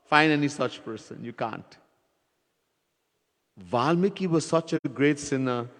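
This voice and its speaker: A man preaching a devotional sermon, telling a story in an animated way and acting out its characters. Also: on the high side, measured pace. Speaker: swami, preacher. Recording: long hall reverb.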